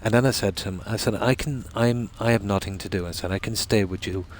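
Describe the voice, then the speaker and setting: Male streamer, deep voice, chatty rambling storyteller, faint ambience behind. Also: brisk, slight background noise. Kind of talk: casual chat while gaming.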